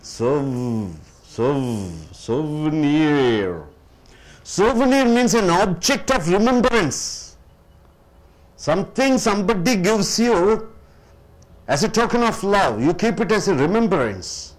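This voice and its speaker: A man with an Indian English accent teaching English pronunciation, slowly repeating each word as a drill. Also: sits high, lively intonation. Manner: slow, repeats words for drill, addresses listeners as sir. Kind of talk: classroom lesson.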